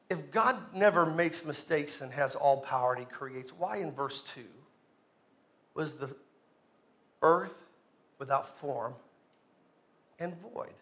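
Male pastor, lively joking sermon to a church crowd, high bright voice. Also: measured pace, long pauses. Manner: joking, animated, asks the congregation for responses. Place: church sanctuary with congregation.

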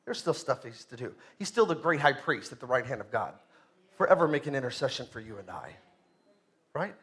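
A man, a pastor, preaching a sermon in a church, emphatic and rising loud on key points. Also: fairly high pitch.

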